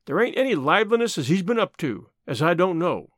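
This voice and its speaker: A man voicing a humble, earnest gold-miner, talking in a slow rustic backwoods drawl. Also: high-pitched, very animated, a bit bright, no room sound, clean studio sound, full character voice.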